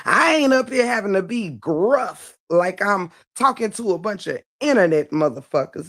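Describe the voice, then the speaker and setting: A woman's voice: mid-range voice, lively intonation, normal speed, hardly any pauses, no echo, clean studio sound. A woman giving blunt, profane live-stream commentary, preaching at her audience and firing off rhetorical questions.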